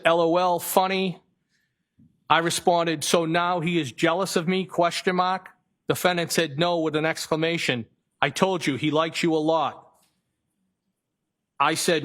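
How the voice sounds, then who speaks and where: Man with a Boston accent reading texts haltingly. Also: a little high. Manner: flat, halting reading with self-corrections. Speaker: trial witness. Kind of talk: reading text messages aloud on the stand.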